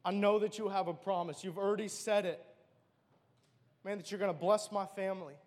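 A man with a notably high voice tells an earnest, emotional personal testimony. His words ring out with a long hall reverb trailing behind them. He speaks as a church speaker sharing his own story. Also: fairly even intonation, a little fast.

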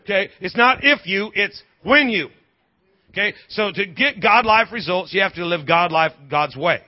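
High-voiced emphatic preacher man. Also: animated, moderate pace, lo-fi sound. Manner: emphatic call-and-response preaching with repetition. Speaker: pastor. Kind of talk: sermon.

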